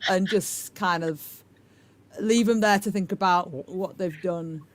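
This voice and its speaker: A woman's voice: fairly low pitch, slow, noisy background. A woman guest improviser on a comedy panel, wry and dry.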